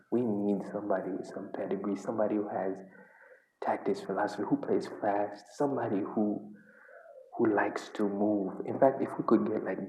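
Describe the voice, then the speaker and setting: A man from Uganda, a football fan vlogger, venting in an exasperated, repetitive reaction rant. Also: lowish voice. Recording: echoey room.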